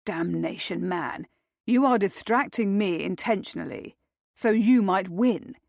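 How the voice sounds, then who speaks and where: Grim young viscount, curt, slow-spoken, voiced by a woman. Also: medium pitch, creaky, darkish tone, no echo, studio quality. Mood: irritated. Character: irritable young male viscount, brooding.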